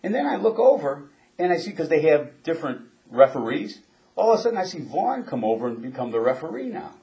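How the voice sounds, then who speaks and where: An older man and former Marine telling a story in a casual interview, chuckling often and halting with restarts. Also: on the high side, sing-song, gravelly, warm tone.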